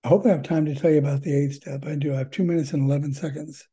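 A man's voice: a little high, fairly even intonation, very fast, warm tone, slightly rough. An older man telling his story at a recovery meeting, earnest and rambling, with many fillers and repeated words. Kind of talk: personal testimony.

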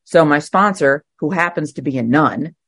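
A middle-aged woman speaking at a twelve-step meeting, sharing her recovery story in a candid, emotional way with halting fillers. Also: deep voice, animated, fairly bright tone, husky, no room sound, clean studio sound. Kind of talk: personal recovery share.

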